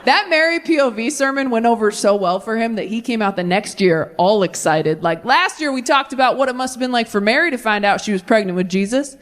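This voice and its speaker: A woman in her thirties performing a stand-up comedy set on a theater stage, telling deadpan stories with quick voiced asides into a handheld mic. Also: on the high side. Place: theater stage before a live audience.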